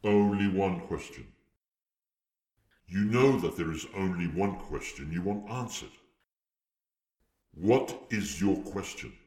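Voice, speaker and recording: A man's voice: low voice, slow, pauses often, a little mellow. A man playing a haughty, formal figure in an amateur audio drama, speaking stiffly. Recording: echoey room, voice from a distance.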